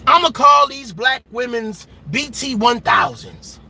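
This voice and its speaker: High-pitched, bright, heated man ranting. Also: unhurried, vocal fry, a little hiss or hum. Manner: loud, emphatic, mocking, repetitive. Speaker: reaction channel host. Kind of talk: heated reaction rant.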